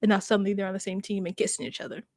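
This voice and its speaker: A woman's voice: medium pitch, little pitch movement, very fast, no echo, clean studio sound. A woman hosting a casual reaction chat, talking with laughs and acting out quotes. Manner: chatty, laughs often, acts out quotes. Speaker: host.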